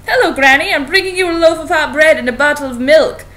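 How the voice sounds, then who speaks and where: A woman's voice: high voice, fast talker, fairly bright tone, pitched above the performer's own voice. A woman voicing a polite young girl, little Red Riding Hood, in a storybook reading. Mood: pleading.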